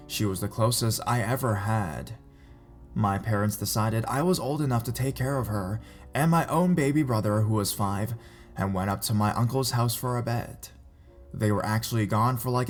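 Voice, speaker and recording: A man reading reader-submitted scary stories aloud in a measured, even narration. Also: mid-range voice. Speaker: horror story narrator.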